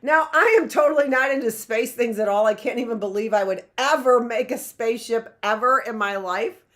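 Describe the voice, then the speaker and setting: A woman's voice: on the high side, a little fast, fairly bright tone. A middle-aged woman teacher giving a chatty, playful online lesson, often exclaiming. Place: home classroom setup.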